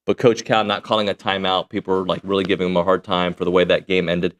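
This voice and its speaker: A man's voice: deep voice, little pitch movement, fast. A man hosting a sports talk show, chatting casually with some rambling and fillers. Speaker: sports radio host.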